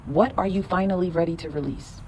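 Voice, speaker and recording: Woman, podcast host, tarot reading, lower voice, emphatic, cussing, slow repeated affirmations. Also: a little mellow, a little hiss or hum. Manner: blunt, emphatic, swears a lot; repeats lines slowly for affirmations. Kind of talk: spiritual pep talk.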